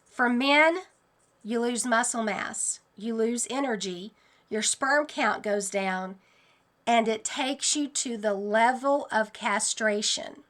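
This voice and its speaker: A woman hosting her own channel, speaking in a casual, animated and earnest monologue about her dreams. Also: on the high side, slow. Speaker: channel host sharing dreams.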